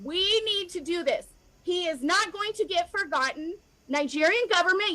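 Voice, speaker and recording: A woman's voice: extremely high pitch, pushed and bright, rough recording. An American woman speaking straight to camera in an emotional, impassioned rant, repeating herself and calling out governments directly. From United States. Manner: fiery, repetitive, addresses governments directly. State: emotional, near tears at times. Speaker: activist vlogger.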